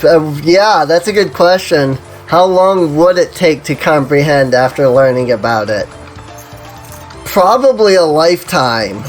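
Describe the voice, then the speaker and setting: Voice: mid-range voice, expressive, a little slow, soft background music. A streamer chatting casually while playing an online game, rambling and saying "you know" and "like" constantly.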